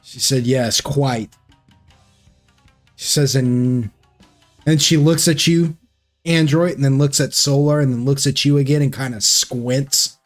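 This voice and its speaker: A man's voice: medium pitch, fairly even intonation, a little slow. A man narrating as game master of a tabletop game, hesitant and full of fillers, voicing characters in quotes. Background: background music.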